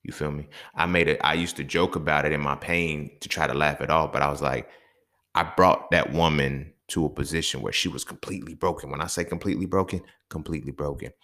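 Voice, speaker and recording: This solo podcast host speaks fairly quickly in a bass voice that's steady in tone but pushed and bright. Unscripted, blunt, and profane, he often escalates into emphatic rants and keeps checking in with the listener.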